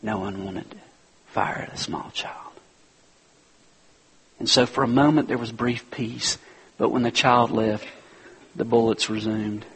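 Husky, passionate male preacher. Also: mid-range voice, fairly even intonation, moderate pace, poor audio. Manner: passionate, swings from loud urging to near whisper. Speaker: pastor. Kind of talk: sermon.

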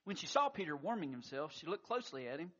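A man's voice: fairly high pitch, very animated, fast talker, fairly bright tone, lo-fi sound. A man preaching a sermon, telling a scripture story with emphatic surges of intensity. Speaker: pastor.

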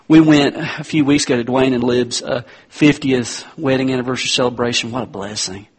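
Husky preaching man, animated. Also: fairly high pitch. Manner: lively storytelling with sudden loud peaks. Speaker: pastor. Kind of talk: sermon.

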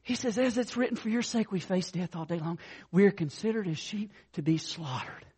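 A man preaching a sermon as a pastor, fervent and excitable, swinging between loud peaks and hushed lows, calling his listeners "guys" and "man". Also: a little fast, slightly rough.

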